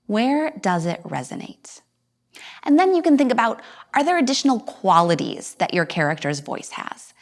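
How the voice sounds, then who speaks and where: Low-voiced woman teaching acting to viewers at home; she explains and then demonstrates each voice, jumping suddenly up or down. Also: animated, moderate pace, vocal fry.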